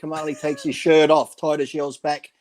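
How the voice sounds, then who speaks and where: A man's voice: a little high, flat delivery, normal speed, background noise. A man on a podcast, a former bodybuilder, telling rambling backstage stories, swearing freely and acting out what others said. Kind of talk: casual chat, storytelling.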